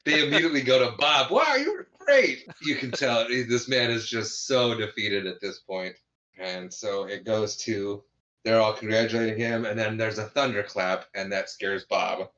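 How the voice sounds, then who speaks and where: A man's voice: lowish voice, fairly even intonation, moderate pace, pushed and bright, highs cut off. A man co-hosting a podcast, recapping a movie in casual chat and laughing often as he tells the scenes. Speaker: podcast co-host.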